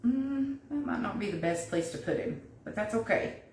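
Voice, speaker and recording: A chatty woman talks viewers through a craft project live from her home kitchen, thinking aloud as she works. Her voice sits at an ordinary pitch and is picked up from a few steps away. The room is echoey, with a faint hiss underneath. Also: normal speed, creaky, warm tone. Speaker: crafter hosting a livestream. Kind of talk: casual live craft demo, talking while working. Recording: echoey room, mic at a distance, faint noise.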